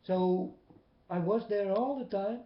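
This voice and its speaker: A man preaching a personal testimony in non-native English, emphatic, swinging between loud and soft. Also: sits high, slow pace. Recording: echoey, dull lo-fi recording.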